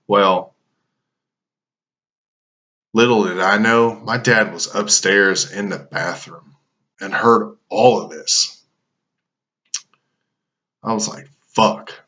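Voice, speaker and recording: A man's voice: lowish voice, slow, pauses often, sharp tone, lo-fi sound. A man telling a casual anecdote, loose and full of swearing and fillers. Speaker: storyteller.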